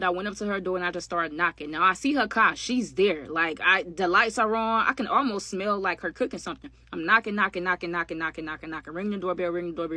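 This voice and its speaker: Brief: woman storytime vlogger, rapid-fire delivery, dry close sound, chatty and slangy. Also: on the low side, pushed and bright, no room sound. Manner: chatty, slangy, addresses viewers as y'all. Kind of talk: casual storytime narration.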